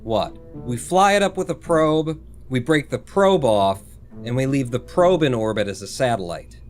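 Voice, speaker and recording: Guy streaming a space game, rambling and cursing, mid voice, bit of music low in the back. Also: lively intonation, normal speed. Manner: rambling, swears casually, thinks aloud, reads chat. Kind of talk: live-streamed gameplay chat.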